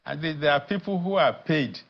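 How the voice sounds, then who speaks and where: A man, a guest addressed as professor, speaking in a measured, deliberate way with frequent pauses and fillers in a studio news interview. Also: on the high side, vocal fry, highs cut off. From Nigeria.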